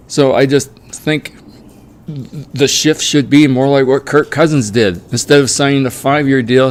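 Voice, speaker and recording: A middle-aged man talking through his opinions in a relaxed, unscripted monologue. His voice sits at an ordinary middle pitch, and he sounds firmly opinionated as he argues his point. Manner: opinionated, mocks players in whiny quoted voices. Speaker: sports commentary vlogger.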